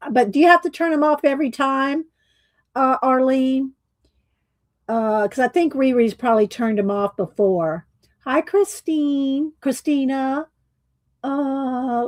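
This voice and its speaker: Woman livestream host, slow chatty delivery, slightly croaky, dry close mic. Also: on the high side, darkish tone, no room sound. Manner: slow, chatty, laughs often, Southern "y'all". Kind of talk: casual livestream chat greeting viewers.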